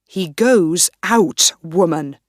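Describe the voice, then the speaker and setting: A woman's voice: lowish voice, expressive, very slow, no room sound, studio quality, heavily acted. A woman doing a curt, commanding angry lord. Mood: cold anger. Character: angry armed nobleman giving harsh orders.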